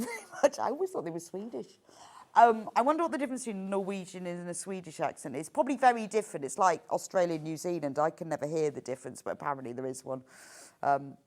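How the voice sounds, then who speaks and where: A woman presenting on a live shopping channel, her voice swooping high and low with eager delight. She gushes over each item and laughs easily, keeping the pitch lively from phrase to phrase. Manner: gushing, enthusiastic, laughs easily.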